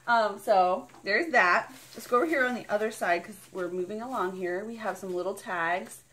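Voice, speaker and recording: A woman's voice: mid-range voice, moderate pace, hardly any pauses, fairly bright tone. A woman vlogging an unboxing in a casual, bubbly and rambling way, gushing over each item. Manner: bubbly and gushing, squealing with delight; rambling and chatty.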